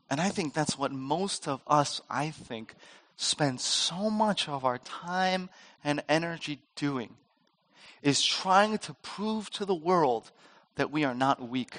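A pastor giving a sermon, his voice pitched high for a man. He speaks with a lively, swinging delivery and slips into playful voices when he tells a story. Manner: animated storytelling, acts out voices in a joke.

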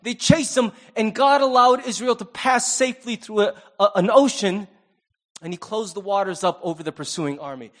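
A man's voice: high-pitched, a bit bright. A man preaching a sermon in a conversational way, with humorous asides and acted-out quotes. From Asian American. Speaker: pastor.

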